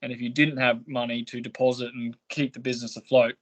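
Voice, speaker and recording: A man's voice: mid-range voice, level tone, fast talker. A man, a podcast guest, telling his story in a blunt, aggrieved way with heavy swearing. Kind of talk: candid interview storytelling.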